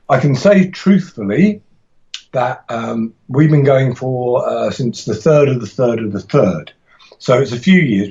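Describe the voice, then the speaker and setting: As a podcast guest, a man talks casually and enthusiastically about teaching martial arts, rambling with frequent restarts and laughter. His voice is medium-pitched and darkish, and the recording sounds muffled.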